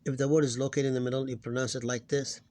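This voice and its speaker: A man teaching a casual recorded lesson, often hesitating, repeating words and slowing down to sound out syllables. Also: medium pitch, level tone, a little mellow. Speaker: Arabic teacher.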